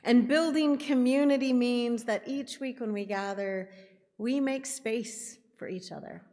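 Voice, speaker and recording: A woman worship leader giving church announcements in an unhurried, conversational way. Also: a little high, mellow, in a large hall.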